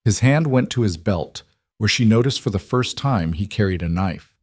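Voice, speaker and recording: Low-voiced male story narrator. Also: expressive, normal speed, darkish tone, no room sound, studio quality. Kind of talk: scripted narration.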